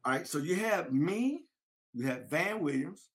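Man, high pitch, lively rising and falling delivery, storytelling interview. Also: unhurried. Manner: animated storyteller, acts out his old coach. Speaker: former football player.

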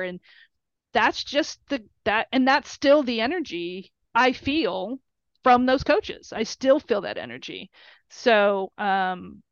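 A woman's voice: mid-range voice, no room sound, lo-fi sound. A middle-aged woman, a mother, telling a story casually and emotionally, with many fillers and quoted dialogue. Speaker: mother of a college football player.

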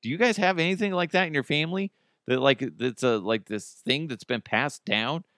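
This middle-aged man hosting a podcast speaks at a moderate pace in a fairly high, fairly bright voice, recorded clean in a studio without room sound. He wanders through casual talk, cracking jokes, cursing liberally, and laughing a lot.

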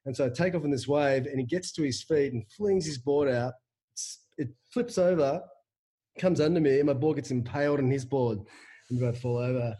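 Husky man telling a story. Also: mid-range voice. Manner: profane, animated storyteller. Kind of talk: casual chat, storytelling.

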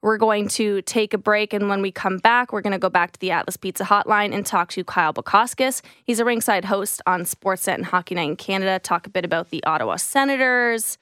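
A woman hosting a sports radio show on a studio microphone, chatty and quick to laugh. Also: mid-range voice, a bit bright, clear, resonant tone, no echo.

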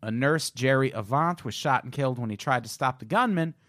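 Reading a true-crime case on a comedy podcast, this male co-host is profane and keeps drifting into joking tangents. His mid-range voice is expressive, brisk, and fairly bright, swinging widely in pitch, and the recording is dry and close with no room sound.

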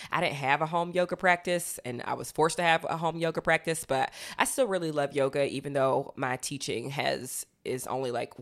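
A young woman co-hosting a podcast, chatting casually and telling animated stories full of fillers. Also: sits low. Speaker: podcast co-host. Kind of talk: casual chat.

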